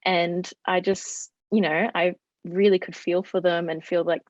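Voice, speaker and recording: A woman's voice: fairly low pitch, little pitch movement, a little slow, no room sound, lo-fi sound. A young Australian woman, a student on a panel, talking in a chatty, hesitant way with many fillers. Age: young adult. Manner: chatty, hesitant, lots of ums. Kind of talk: panel discussion.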